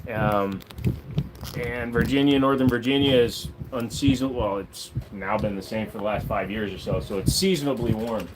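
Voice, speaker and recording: A man's voice: lowish voice, normal speed, background noise. A man hosting a casual livestream, easygoing and chatty. He reads out viewer messages and answers them in a loose, conversational way, now and then cooing at his dog. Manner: chatty, talks baby-talk to his dog. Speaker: livestream host.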